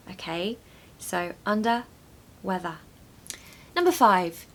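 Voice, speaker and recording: Chatty woman teaching idioms. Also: fairly low pitch. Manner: lively, chatty, laughs often, models pronunciation slowly. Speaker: English teacher. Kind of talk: online English lesson on idioms.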